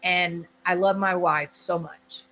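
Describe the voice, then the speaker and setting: A woman's voice: on the low side, fairly even intonation, takes it slowly, bright, forceful tone, a little hiss or hum, poor audio. A woman voicing a doting husband who earnestly tries to please his wife. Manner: earnest, placating.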